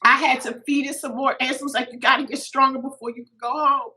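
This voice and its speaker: A middle-aged woman, a podcast guest, telling a personal story in an animated way, a little teary-eyed. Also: high-pitched, fast talker, a little hiss or hum, rough recording. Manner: animated, acts out quoted voices.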